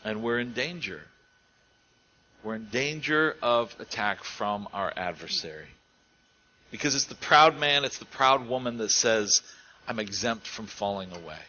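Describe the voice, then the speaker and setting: A man preaching a sermon in an earnest way, rising to emphatic stretches and dropping to quiet ones. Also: on the low side, animated, a little slow, highs cut off.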